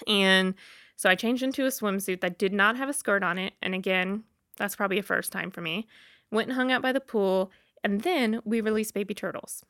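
A woman's voice: medium pitch, brisk, dry recording, clean studio sound. Chatty woman telling travel stories. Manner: chatty, animated storyteller with frequent fillers. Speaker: travel advisor. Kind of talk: casual personal storytelling.

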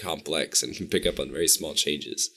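A man's voice: a bass voice, moderate pace, creaky, sharp tone, husky. A man co-hosting a podcast in casual chat, cracking dry teasing jokes. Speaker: podcast co-host.

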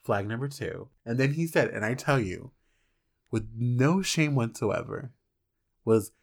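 A person in their twenties in casual chat, expressive and blunt, with loud reactions and swearing. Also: medium pitch, unhurried.

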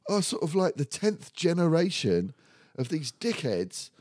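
A man with a warm, mellow tone tells a story in a casual chat. He swears freely and acts it out with energy. The sound is close and dry. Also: on the high side, sing-song, unhurried, dry recording.

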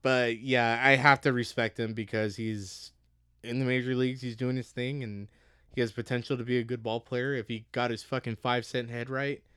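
A man's voice: medium pitch, level tone, moderate pace, fairly bright tone, smooth, dry recording. A young American man co-hosting a podcast, ranting heatedly and swearing constantly. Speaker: podcast co-host. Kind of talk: casual profane rant.

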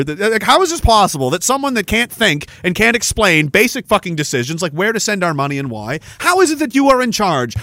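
Man, podcast host, angry profane rant, shouting bursts, very high voice, bright forceful tone. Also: no room sound. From Canada. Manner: profane, heated ranting, swings into shouting.

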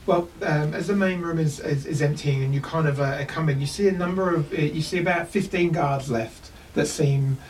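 A man's voice: on the high side, moderate pace, hardly any pauses, darkish tone. A man with a New Zealand accent, narrating a tabletop game as game master, rambling with many ums and restarts. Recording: distant mic with faint noise.

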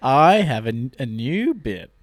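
A man's voice: medium pitch, big pitch swings, takes it slowly, no echo. A man comedian co-hosting a casual chat, with dry, teasing banter and frequent chuckles. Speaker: comedian and co-host.

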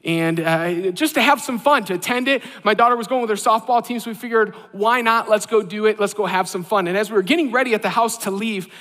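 High-voiced pastor preaching in a reverberant hall. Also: male voice, a little fast, few pauses. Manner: self-deprecating storytelling, animated. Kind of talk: sermon with personal story. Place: church sanctuary.

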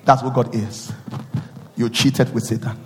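A man preaching a sermon with call-and-response, swinging from loud chanting to low, intimate asides. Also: flat delivery, a little slow, a little hiss or hum. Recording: long hall reverb with faint music.

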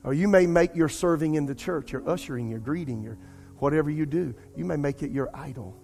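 A middle-aged man, a pastor preaching a sermon and telling a personal story in an animated way. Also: on the high side, brisk, creaky. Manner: animated storytelling, addresses congregation as "y'all".

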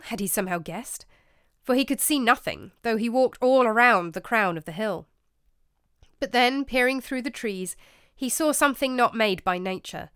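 A woman reading a tale aloud in a measured, expressive way, her voice bright and crisp. The sound is close and dry, with faint music under it. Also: fairly high pitch, no room sound. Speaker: narrator. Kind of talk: storybook narration.

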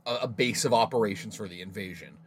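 A man's voice: fairly low pitch, fast, slightly rough. A man co-hosting a casual podcast, talking films in an opinionated, profane way. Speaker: podcast co-host. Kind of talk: casual film discussion.

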